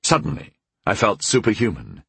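A man narrating a first-person fantasy audiobook in a measured, wry storytelling manner, close to the mic. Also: on the low side, wildly swooping pitch, gravelly, a bit bright, breathy edge, dry recording.

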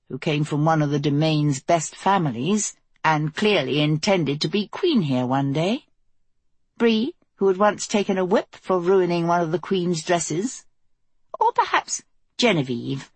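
A woman narrating a fantasy audiobook in a steady, even voice. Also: deep voice, husky, no echo.

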